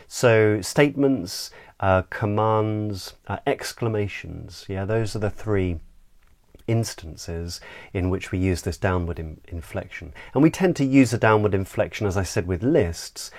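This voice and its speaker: A man, a voice coach, giving a measured, explanatory lesson on intonation. He demonstrates pitch glides with sung sounds as he explains. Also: darkish tone. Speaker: voice and speech coach.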